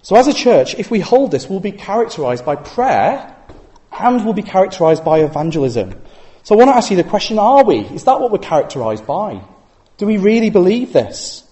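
Man preaching with a lively pitch. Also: fairly quick. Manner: conversational, many rhetorical questions. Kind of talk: sermon.

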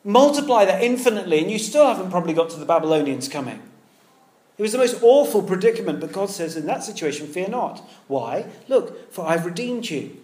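A male preacher with a fairly high voice gives an earnest, conversational sermon. He swings from loud, emphatic phrases to hushed, tender ones. The sound carries a roomy echo, as in a church hall. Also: very animated, brisk.

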